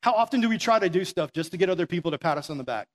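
High-voiced earnest young-sounding preacher man. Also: animated, racing. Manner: earnest, conversational, acts out quoted prayers. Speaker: pastor. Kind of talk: sermon.

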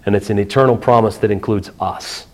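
A middle-aged man preaching a sermon as a pastor, telling a personal story with earnest pauses and restarts, then dropping soft and low for tender points.

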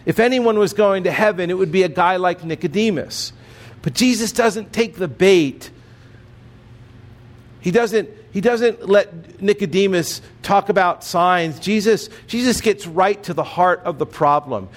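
A man's voice: high voice, measured pace. A man preaching a sermon in an earnest way, often repeating words for emphasis. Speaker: pastor.

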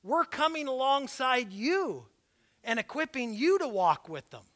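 A man with a strikingly high, bright voice preaches slowly and deliberately from the pulpit. His delivery leans on emphasis and occasional shouts, and his words carry a slight lisp. He drops into easy, joking asides between points. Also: very animated. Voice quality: slight lisp from dental aligners. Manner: breaks into laughter and asides. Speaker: pastor. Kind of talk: sermon. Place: church sanctuary, also live-streamed.

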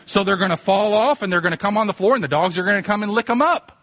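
A man's voice: high voice, quick pace, fairly bright tone, highs cut off, voice pushed up. A man voicing a humble, pleading foreign mother who argues her case earnestly.

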